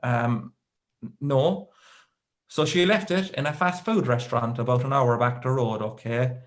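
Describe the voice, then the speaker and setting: A young Irish man doing stand-up comedy, his voice of middle pitch. He tells a long personal story in a rambling, self-deprecating way and drops deadpan asides between the details. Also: a little slow. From Ireland. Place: live comedy show with audience.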